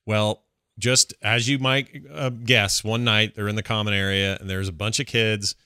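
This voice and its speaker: Smooth bright-voiced middle-aged male host. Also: lowish voice, little pitch movement, moderate pace, no echo, studio quality. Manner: easygoing, amused, storytelling. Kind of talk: casual call-in show chat.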